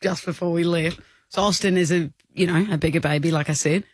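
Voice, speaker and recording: A woman's voice: fairly low pitch, brisk, slightly rough, no echo, studio quality. A woman with an Australian accent co-hosting a drive-time radio show, telling a funny story and acting out voices. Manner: animated anecdote, acting out kids' voices with laughs. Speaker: radio co-host.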